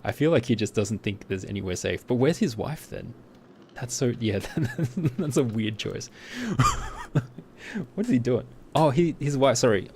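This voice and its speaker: A man's voice: mid-range voice, lively intonation, moderate pace, vocal fry, a little mellow, slight background noise. A man streaming a story game, chatting and reacting to what happens on screen. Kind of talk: let's play commentary and reading game dialogue.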